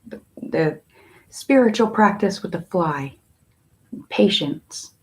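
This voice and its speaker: A woman tarot reader in a casual spiritual talk, musing in a slow, meandering way with long pauses. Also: fairly low pitch, lively intonation, darkish tone.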